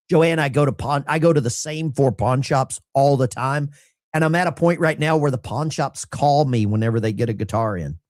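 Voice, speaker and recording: A man's voice: medium pitch, normal speed, darkish tone, dry recording, studio quality. A middle-aged man, a veteran, hosting a casual livestream and reading viewer mail in a blunt, salty, self-mocking way.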